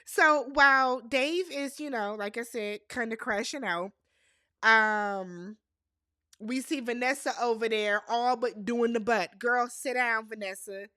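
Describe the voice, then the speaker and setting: Sassy woman recapping a show, high voice. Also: a little slow, dry recording, studio quality. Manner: sassy, animated reactions with slang asides. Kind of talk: casual TV recap commentary.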